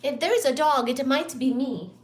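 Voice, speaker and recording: A woman's voice: high voice, normal speed, distant mic. A woman hosting a casual livestream from her kitchen, playful and chatty, cooing at her cats. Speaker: livestream host. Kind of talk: casual live-stream chat. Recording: echoey room with background noise.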